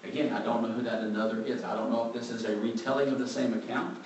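A man giving a conversational Bible teaching, relaxed and thinking aloud, openly admitting what he is unsure of. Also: mid-range voice, fast talker, muffled recording. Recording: very echoey room, mic far off, faint background noise.

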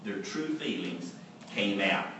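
A man's voice: low-pitched, lively intonation, slow, pushed and bright. A man preaching a sermon in an earnest, emphatic way, repeating his key phrases for weight. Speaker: pastor. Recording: echoey room, from far off, faint background hum.

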